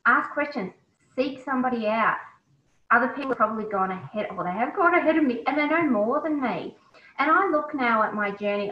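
A woman being interviewed, talking in an animated, emotional way and often breaking into exclamations. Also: fairly high pitch. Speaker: interview guest, business owner. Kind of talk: casual interview chat. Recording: echoey, slightly dull recording.

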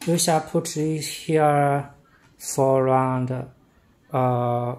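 A man giving a hands-on product demonstration, talking in halting, simple broken English with short phrases. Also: medium pitch, steady tone, a little mellow. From China.

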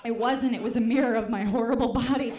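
Her voice fairly high yet dark and steady, a young Midwestern woman rattles through a stand-up set at a comedy club in front of a live audience. The roomy recording catches her chatty, self-deprecating style and constant "like" and "right?".

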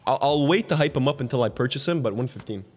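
A man in a casual group game, animated and joking, exclaiming at the bids. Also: medium pitch, fast, in a large hall, faint music behind. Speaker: show regular, bidder. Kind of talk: casual banter.

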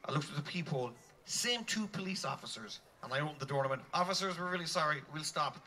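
Bright-voiced man telling a stage story. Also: a little high, fast talker, slight background noise. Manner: animated, comic, scats tunes mid-story. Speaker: band frontman. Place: outdoor concert stage.

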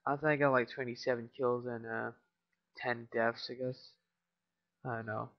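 A tired teenage boy talks over his shooter gameplay in a gravelly, mid-pitched voice, mumbling and swearing as he goes. The lo-fi mic makes him sound dull. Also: little pitch movement, normal speed. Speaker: gameplay commentator. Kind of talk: casual game commentary.

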